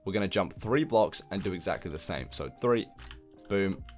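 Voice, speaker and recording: A young man hosting a building game tutorial, chatting casually and poking fun at himself while counting blocks out loud. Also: low voice, expressive, moderate pace, faint music behind. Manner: chatty, self-deprecating, counts blocks aloud. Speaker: Minecraft building tutorial host. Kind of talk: casual gameplay tutorial commentary.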